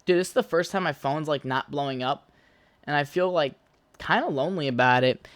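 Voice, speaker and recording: A man's voice: on the high side, a little fast, a bit bright, no room sound. A young man hosting a casual solo podcast, rambling and swearing freely as he tells stories. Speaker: podcast host.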